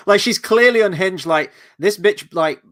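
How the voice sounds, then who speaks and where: A man's voice: high-pitched, measured pace, fairly bright tone. Joking, foul-mouthed man reviewing a film. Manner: candid, crude, joking. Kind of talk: casual chat.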